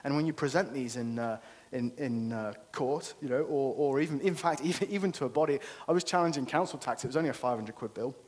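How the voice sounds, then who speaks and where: A man's voice: mid-range voice, fast talker, a little mellow. A man giving an earnest, persuasive conference talk and often checking in with "okay?". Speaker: conference speaker. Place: conference venue.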